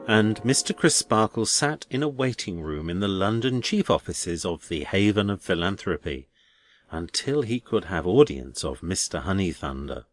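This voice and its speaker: A man narrating an audiobook in a measured, deliberate way. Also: deep voice, big pitch swings.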